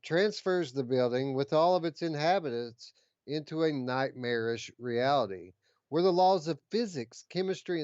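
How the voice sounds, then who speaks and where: Smooth-voiced man hosting a gaming podcast. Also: on the high side, a little mellow, no echo, muffled recording. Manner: eager, reads news out with many fillers. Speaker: podcast co-host. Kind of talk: casual chat about gaming news.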